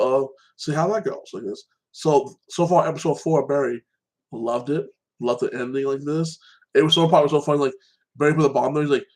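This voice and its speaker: A man's voice: mid-range voice, a little mellow, low-quality recording. A man hosting a casual solo chat, rambling through TV episode recaps and filling his talk with "like that" and "you know". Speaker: show host.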